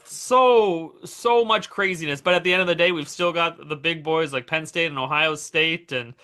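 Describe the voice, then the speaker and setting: Male guest analyst, high and bright voice, excited and quick-talking. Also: smooth. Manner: excited and quick, piling up team names. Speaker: guest sports betting analyst. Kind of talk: casual chat.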